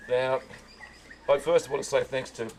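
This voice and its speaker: A man's voice: mid-range voice, fairly even intonation, moderate pace, slight background noise. A man, giving a loose, self-mocking birthday speech. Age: 60s. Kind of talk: party speech. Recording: busy party crowd loud behind.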